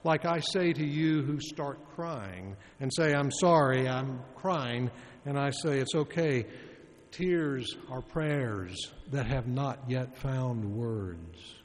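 A male pastor preaching a sermon in a slow, measured way with long sighing pauses. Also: mid-range voice. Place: church sanctuary. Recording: long reverb of a large church.

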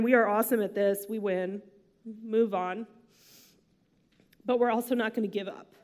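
A woman preaching a sermon in a casual, chatty way, using slang and asides. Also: on the high side. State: emotional, near tears. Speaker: pastor.

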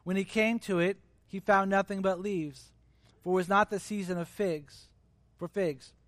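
A man preaching a sermon in a relaxed, conversational way, acting out the voices of people he describes. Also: high voice, normal speed, dry recording. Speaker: pastor.

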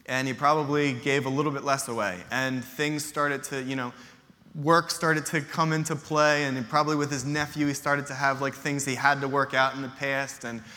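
A man's voice: mid-range voice, fairly even intonation, moderate pace, bright, forceful tone, big-room sound. A male pastor preaching a casual, conversational sermon, retelling a story and acting out its characters' lines. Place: church hall.

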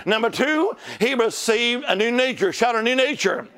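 A man's voice: very high voice, expressive, normal speed, pushed and bright. A male preacher delivering a sermon, calling out to the congregation for responses.

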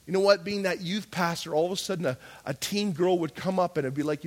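A middle-aged pastor preaches in an easy, conversational way, his voice sitting a little high for a man. He acts out his prayers, rising loud and then dropping to a hush. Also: fast talker, few pauses. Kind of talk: sermon.

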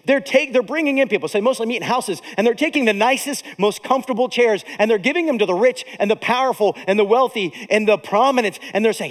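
A man preaching a sermon as a pastor, animated, with dramatic pauses. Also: sits high, long reverb tail.

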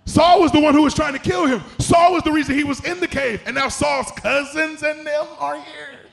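A man's voice: extremely high pitch, steady tone, normal speed, creaky. A middle-aged man preaching a sermon in a church, building to chanted, emphatic peaks. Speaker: pastor.

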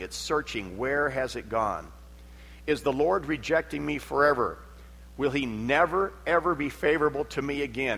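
A man preaching a sermon in a voice of middling pitch. His delivery swells and drops for emphasis, and he acts out the voices he quotes. The sound carries a long hall reverb. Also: fairly bright tone. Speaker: pastor.

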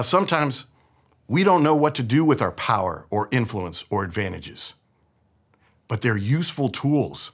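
A man's voice: medium pitch, slightly rough. A young man from the San Francisco Bay Area telling a personal story in a conversational sermon. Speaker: pastor.

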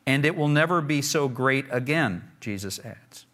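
A man's voice: medium pitch, lively intonation, moderate pace, a bit bright. A man preaching a sermon, reading scripture aloud and then explaining it in a conversational, emphatic way, often repeating words for stress. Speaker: pastor.

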